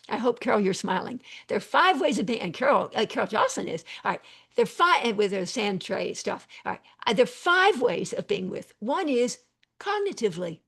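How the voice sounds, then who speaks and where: This is a woman running an online teaching session, speaking into a computer mic over a video call. Her voice has a gravelly fry and a husky edge. She wanders from point to point with many fillers, repeats key phrases, and stops often to thank participants by name. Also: fairly high pitch, a bit bright. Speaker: psychiatrist and webinar teacher. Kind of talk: live online teaching, reading chat questions.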